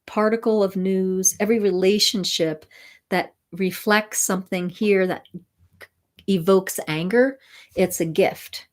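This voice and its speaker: A woman spiritual mentor and sound healer, talking gently and soothingly to viewers of a live stream. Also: medium pitch.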